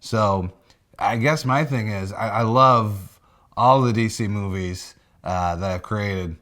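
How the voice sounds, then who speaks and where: Rambling, low-voiced comedian. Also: male voice, slow, fairly bright tone. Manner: rambling, lots of filler words. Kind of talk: casual comedic monologue.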